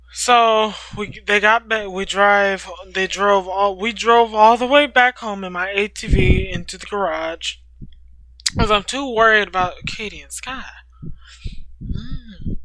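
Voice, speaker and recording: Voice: mid-range voice, unhurried, bright, forceful tone, no echo, rough recording. A storytime host reading a fan story aloud, stopping often for playful, slangy comments and laughs. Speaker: storytime reader.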